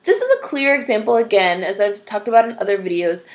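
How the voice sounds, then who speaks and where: A woman's voice: medium pitch, lively intonation, fast talker. A young adult woman vlogging, ranting bluntly and profanely, full of "like" and "you know". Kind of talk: casual ranting commentary to camera.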